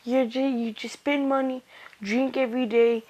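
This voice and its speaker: A woman's voice: sits high, flat delivery, normal speed, darkish tone, poor audio. Girl retelling a brash rude boy ninja. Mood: mocking. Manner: retold in a plain storytelling voice.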